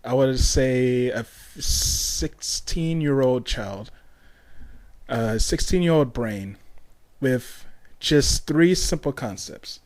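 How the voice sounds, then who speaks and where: A man's voice: mid-range voice, expressive, slow pace, darkish tone. A young man hosting a casual solo podcast, rambling along with lots of ums, restarts and tangents. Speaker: podcast host.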